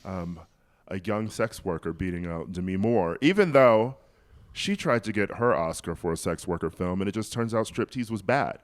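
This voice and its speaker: Male podcast co-host, theatrical, chatty, very deep voice, lively pitch. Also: normal speed. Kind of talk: casual chat and ad reads.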